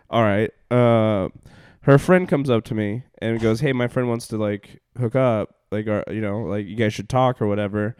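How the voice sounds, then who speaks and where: A man's voice: fairly low pitch, normal speed, a little mellow, clear, resonant tone, dry recording, clean studio sound. Laid-back young man rambling through stories. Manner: rambling, laughing, full of fillers and swearing. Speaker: comedian and podcast host. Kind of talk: casual storytelling chat.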